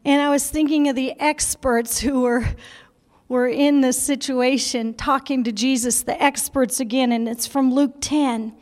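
A woman with a high voice preaches in a loose, conversational way, emotional and quick to laugh. Her sermon sounds like it was recorded in a small room, and a long reverb trails behind every word. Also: steady tone, a little mellow.

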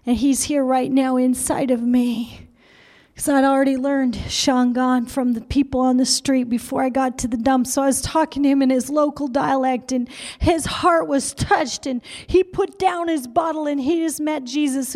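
A woman's voice: sits high, fairly even intonation, moderate pace, a little mellow. A woman preacher telling a story in an emotional sermon, stammering repetitions and dipping into whispers.

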